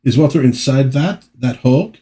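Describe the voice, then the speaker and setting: A man's voice: mid-range voice, lively intonation, moderate pace, mellow, pitched above the performer's own voice, natural voice. A man reading aloud as a distraught heroine, asking anxious questions in a raised voice. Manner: pleading, anxious. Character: distraught woman hero fearing for her lover.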